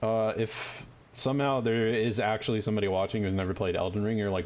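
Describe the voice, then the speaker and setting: A man's voice: lowish voice, flat delivery, quick pace. A man streaming a game, with joking, profane, rambling commentary. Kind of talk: casual gaming commentary.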